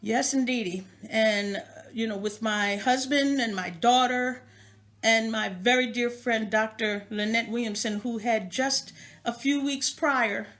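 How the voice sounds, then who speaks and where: A woman's voice: fairly high pitch, measured pace, fairly bright tone. A woman from New York City, chatting casually to viewers on a live stream from her home through a tablet mic, often laughing. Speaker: host of a live video stream. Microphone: tablet microphone.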